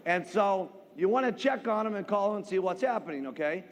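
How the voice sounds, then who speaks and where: A man's voice: high-pitched, fairly quick. A man giving a motivational sales talk, telling stories animatedly and checking in with "okay?". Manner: animated storyteller, frequent "okay?" check-ins. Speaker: speaker. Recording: long hall reverb.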